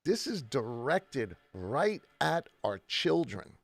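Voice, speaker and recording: A man's voice: mid-range voice, big pitch swings, slow, creaky, no room sound. Male co-host of a faith talk, emphatic and stop-start, recorded dry and close. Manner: emphatic, repeats words and restarts. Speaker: church podcast co-host. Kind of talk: casual faith discussion.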